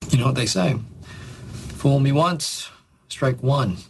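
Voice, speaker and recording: A folksy older male politician fumbling a saying, as a podcast host puts him on. The words crawl out at a very slow pace. The voice is gravelly and fried, with a faint hiss behind it. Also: medium pitch, voice pushed down. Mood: mock-solemn.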